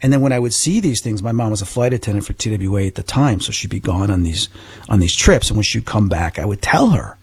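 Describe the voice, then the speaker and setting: A middle-aged man, a guest, recounting a personal experience in an animated, earnest way. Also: fairly low pitch, quick pace, slightly rough. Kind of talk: personal storytelling.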